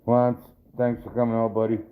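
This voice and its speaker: A man hosts a live stream and talks straight to his viewers in a loose, rambling way, cursing freely. His voice sits at an ordinary pitch and comes through a thin, tinny, phone-like line. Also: level tone, brisk. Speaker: livestream host reading viewer chat. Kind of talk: casual live-stream chat.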